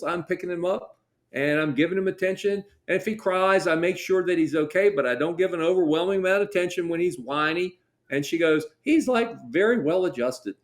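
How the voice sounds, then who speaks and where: Storytelling dog trainer, slightly high voice. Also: male voice. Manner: storytelling, acts out client dialogue. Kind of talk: casual interview chat.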